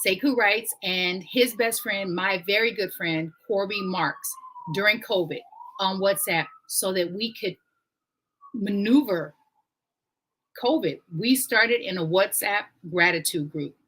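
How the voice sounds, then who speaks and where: A woman leads her live-stream show with a husky, slightly breathy voice. She talks casually and with emphasis, and her pitch jumps up whenever she gets excited. She reads passages aloud and comments on them. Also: a little slow, low-quality recording. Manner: animated and emphatic, swings up in pitch when excited. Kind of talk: casual motivational talk with book reading. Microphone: home live-stream mic.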